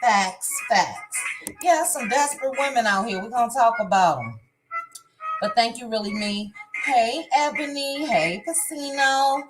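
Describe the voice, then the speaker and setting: A woman's voice: high-pitched, low-quality recording. A woman hosting a casual livestream, reading viewer comments and greeting each viewer by name. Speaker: livestream host. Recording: music playing behind the voice.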